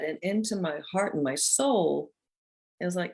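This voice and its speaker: A woman's voice: medium pitch, lively intonation, normal speed. A middle-aged woman hosting a motivational talk, telling a personal story in an earnest, heartfelt way. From North Georgia, USA. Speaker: host.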